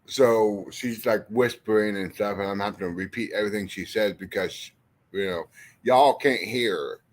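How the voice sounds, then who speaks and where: Talking to chat at a moderate pace, a man with a lowish voice rambles and cusses freely in a casual livestream. His manner toward viewers is animated and profane.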